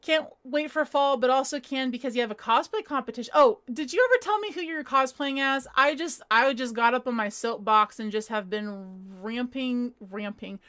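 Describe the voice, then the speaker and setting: A woman's voice: sits high, normal speed, few pauses, a bit bright. A young woman from Northern California hosting a live crochet stream, chatting casually and reading viewer comments aloud with a giggly, rambling manner. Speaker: livestream host. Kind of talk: casual chat while crocheting. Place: home.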